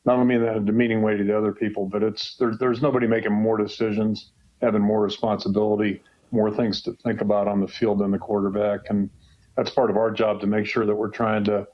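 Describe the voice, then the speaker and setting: A man in his sixties talks casually on a call-in radio show, his voice low and a little muffled by the dull broadcast sound. He rambles in a folksy way, restarting sentences and filling pauses with "uh" and "you know.". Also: little pitch movement. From Western Pennsylvania. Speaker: head football coach, show guest.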